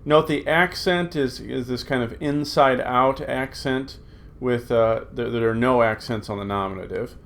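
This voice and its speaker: A man's voice: mid-range voice, measured pace, few pauses, fairly bright tone. Middle-aged male teacher, mid-range voice, patient and repetitive, lots of filler sounds. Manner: patient, repeats forms aloud with many fillers. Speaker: Greek teacher. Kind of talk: recorded classroom lesson.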